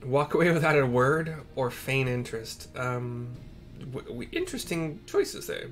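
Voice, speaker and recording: A man's voice: medium pitch, sing-song, a little slow, a bit bright, faint music behind. Rambling man narrating a game. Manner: rambling, self-correcting, chatty asides. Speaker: game streamer. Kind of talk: casual gameplay commentary.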